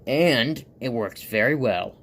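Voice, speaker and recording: A man with a raspy voice voicing a glum, grumpy male flower from a homemade comic, with sulky, sarcastic delivery. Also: mid-range voice, animated, slow pace, a bit bright, a little hiss or hum.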